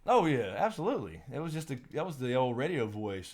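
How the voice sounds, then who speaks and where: A man's voice: mid-range voice, sing-song, brisk, few pauses, darkish tone. Man, young adult, live stream host, casual rambling chat, laughs a lot.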